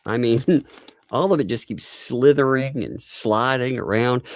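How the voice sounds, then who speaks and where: A man's voice: medium pitch, a little slow, no room sound. A man hosting a casual livestream chat, rambling with restarts and frequent laughs. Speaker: host.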